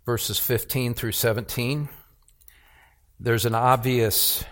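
A man preaching a sermon as pastor, earnest, with repeated words and rhetorical questions. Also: mid-range voice.

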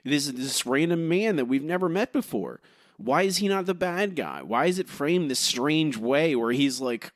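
A man co-hosting a podcast, talking in animated bursts with many halting restarts. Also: on the high side, dry recording, clean studio sound. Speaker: podcast co-host. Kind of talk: casual podcast discussion.

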